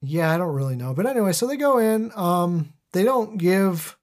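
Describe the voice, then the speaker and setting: A man hosting a podcast, chatting casually about a movie in a loose, rambling way, with lots of fillers and quick impressions of lines. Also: high-pitched, lively intonation, darkish tone. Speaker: podcast host. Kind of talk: casual movie-discussion chat.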